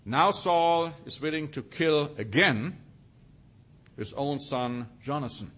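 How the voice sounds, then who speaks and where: A man's voice: a little high, animated, slow, fairly bright tone. Man preaching a Bible sermon. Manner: reads scripture aloud with rising emphasis, then comments.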